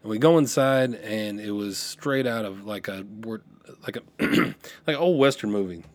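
A dry recording of a middle-aged man with a lowish voice at normal speed, hosting a podcast. He drifts through a casual story from his younger days, restarting sentences as he self-corrects, and perks up when quoting.

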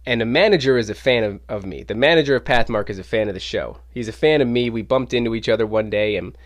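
A man hosting his own podcast, telling a casual story in an animated way and swearing freely. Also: medium pitch, fast. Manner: animated, acts out quoted voices, swears casually. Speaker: podcast host. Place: home podcast studio.

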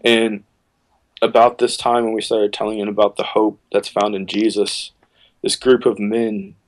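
A man with a fairly low voice tells a long story at an easy, conversational pace. He slips into quick bursts of acted-out speech and otherwise keeps a casual, friendly flow. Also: low-quality recording. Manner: relaxed storyteller, acts out quotes with sudden pitch jumps. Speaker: worship leader, podcast guest.

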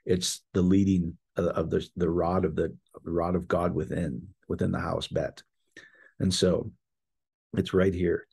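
A man giving an informal, earnest faith talk, speaking directly to his listeners with quick repetitions and restarts. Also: sits low, flat delivery, creaky, darkish tone, husky. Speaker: Christian teacher.

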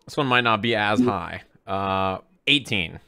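A man's voice: lowish voice, unhurried, gravelly, pushed and bright, clear, resonant tone. A young man playing in a tabletop game, bantering with his friends in a bro-ish, joking way. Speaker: player. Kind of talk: casual tabletop game play.

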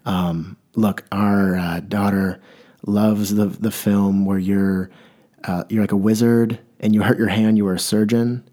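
A man's voice: lowish voice, little pitch movement, warm tone. A man voicing an eager parent who fumbles and hesitates while asking a celebrity for an autograph. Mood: flustered. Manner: hesitant, halting, full of uhs.

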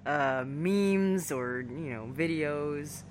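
A woman's voice: low voice, drawn-out words, slight background noise. A woman co-hosting a casual podcast chat, giggling a lot and trying out silly voices. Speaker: podcast co-host.

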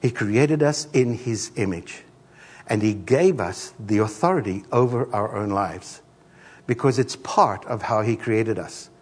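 A middle-aged man preaching a sermon as a pastor, an animated storyteller who acts out the voices in his stories. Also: medium pitch, husky, long reverb tail.

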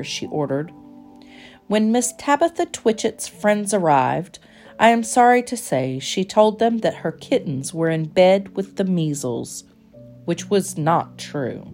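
A woman reading a children's storybook aloud in a gentle, expressive, measured way. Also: low-pitched, soft background music.

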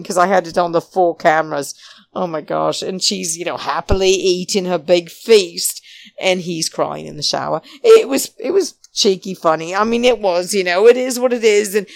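A chatty woman, talking casually and laughing as she gives frank opinions. Her voice sits a little low, and the recording is dry and close, with no room sound. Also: vocal fry, no echo. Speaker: podcast host. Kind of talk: casual reality-show recap.

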